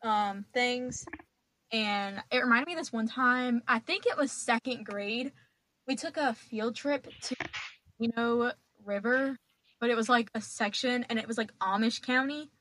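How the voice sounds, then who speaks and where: A woman's voice: on the high side, unhurried, slight background noise, poor audio. A young woman, a podcast guest, telling a childhood story in casual chat, swearing and laughing as she goes. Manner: profane, laughing, animated storyteller.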